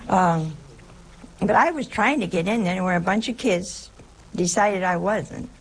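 A woman's voice: fairly low pitch, measured pace, slight background noise, poor audio. A woman giving a sermon from an Italian-American family background, mixing moral teaching with humorous family stories and rhetorical questions. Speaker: religious teacher giving a talk.

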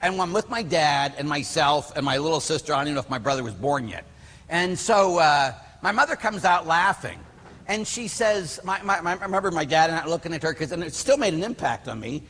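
A middle-aged priest from Pittsburgh with a husky voice, preaching through animated stories told with many fillers. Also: male voice, a little high, fairly quick, in a large hall. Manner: animated storyteller acting out quotes, many fillers. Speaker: Catholic priest. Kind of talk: storytelling sermon.

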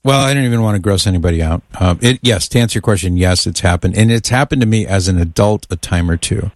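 Guy hosting call-in radio, lowish voice, dry studio sound, joking around. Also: fast, dry recording. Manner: friendly, joking banter. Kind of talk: casual call-in radio chat.

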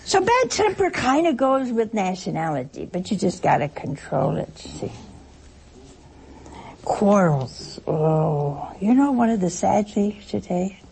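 A woman's voice: mid-range voice, very animated, measured pace, vocal fry, darkish tone, a little hiss or hum. A woman giving a conversational sermon to her listeners, telling stories and often laughing as she talks. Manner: chatty storytelling, laughs through her anecdotes. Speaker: religious speaker addressing listeners.

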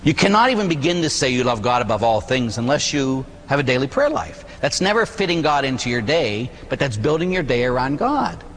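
A man, a Catholic priest, giving an animated, conversational sermon full of rhetorical questions. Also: mid-range voice, fairly quick, few pauses, long reverb tail.

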